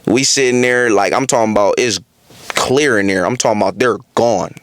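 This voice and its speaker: A young man telling a casual storytime on his vlog, animated and heavy on profanity and street slang. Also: fairly low pitch, brisk, smooth, no room sound. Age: young adult. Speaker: vlogger.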